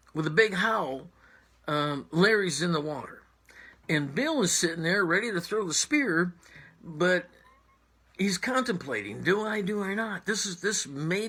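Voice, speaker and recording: A man telling a tall tale in a halting, suspenseful way, dropping to a hush at tense moments. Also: a little high, husky. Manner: halting, restarts, drops to whispers for suspense. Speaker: storyteller.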